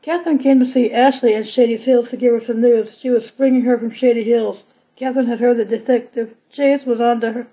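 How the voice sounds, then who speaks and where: A woman narrates a serialized story chapter in a plain reading manner, now and then restarting a phrase. Her voice sits a little high. The recording is dull and lo-fi. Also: steady tone, fairly quick.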